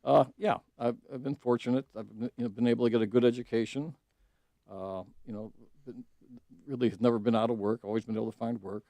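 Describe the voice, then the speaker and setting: A man's voice: mid-range voice, steady tone, fast, mellow, no echo. A middle-aged man, telling his story as a guest in a radio studio, earnest, with many restarts and fillers. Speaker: judicial candidate, radio guest. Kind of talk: casual radio interview.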